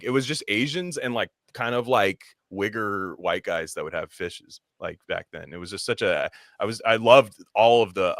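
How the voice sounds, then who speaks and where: A man's voice: low voice, fairly bright tone, no echo, clean studio sound. A man co-hosting a podcast, talking in a rambling, profane way and slipping into mocking voices. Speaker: podcast co-host. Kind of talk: casual chat.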